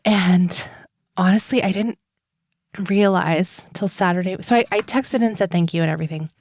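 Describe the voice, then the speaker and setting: A woman podcast host telling a personal story in a rambling, chatty way, full of "like" and "um" and quick laughs. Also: lowish voice, darkish tone, slight background noise.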